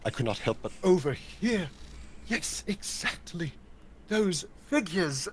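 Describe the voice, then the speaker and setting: Brief: man playing a pompous, frivolous nobleman, lively lilting voice, fussy and fawning. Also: high-pitched, slow, slight background noise, pitched above the performer's own voice, heavily acted. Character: frivolous, fawning aristocratic gentleman. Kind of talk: improvised tabletop role-play.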